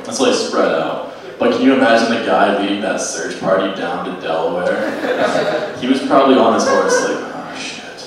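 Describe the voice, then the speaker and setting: A man's voice: fairly low pitch, brisk, a crowd in the background. A young man doing a stand-up set on a comedy club stage, rambling and offhand, with casual swearing. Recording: echoey distant club recording with noise. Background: audience laughter.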